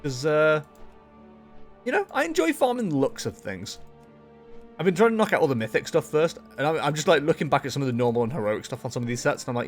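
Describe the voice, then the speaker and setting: A man's voice: a little high, big pitch swings, quick pace, faint music behind. A man chatting casually as he streams a game, rambling along with frequent fillers and self-corrections. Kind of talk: casual gameplay commentary.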